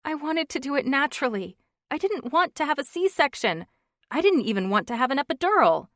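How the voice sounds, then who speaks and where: A woman's voice: high voice, animated, normal speed, fairly bright tone, no echo, clean studio sound, pitched above the performer's own voice. A woman voicing a tearful, pleading young wife. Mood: emotional. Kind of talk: audiobook character voice.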